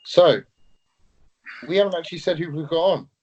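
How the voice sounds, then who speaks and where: A man's voice: on the high side, moderate pace, muffled recording. A man co-hosting a podcast in casual chat, blunt and joking, swearing freely. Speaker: podcast co-host.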